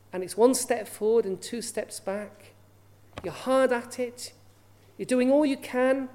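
A woman's voice: mid-range voice, mellow. A woman preaching a sermon in an earnest way, often asking her listeners rhetorical questions.

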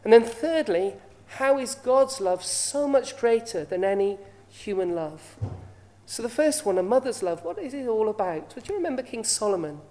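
A woman's voice: fairly high pitch, expressive, moderate pace, dark tone. A woman preaching a sermon, often asking her listeners rhetorical questions.

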